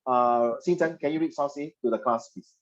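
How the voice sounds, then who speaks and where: A man teaching a history class, animated and teasing, slipping Mandarin phrases into his English. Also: mid-range voice, moderate pace, lo-fi sound. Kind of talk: classroom lecture.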